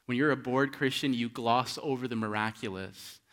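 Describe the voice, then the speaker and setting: A pastor preaching a sermon, asking rhetorical questions and swinging between hushed and loud, emphatic delivery. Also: male voice, mid-range voice, steady tone, normal speed.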